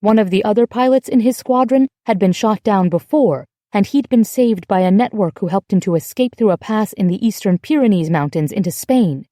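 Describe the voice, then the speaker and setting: A woman reads a novel aloud in an even, measured way, her voice mellow and warm. The recording is dry and close, with no room echo. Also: mid-range voice. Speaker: audiobook narrator. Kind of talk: scripted narration.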